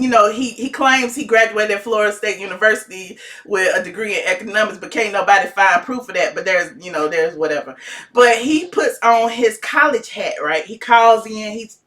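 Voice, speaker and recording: A woman giving sassy, dramatic gossip commentary in a vlog, her voice swooping into high shouts. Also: recorded from a distance. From Atlanta, USA. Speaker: gossip vlogger.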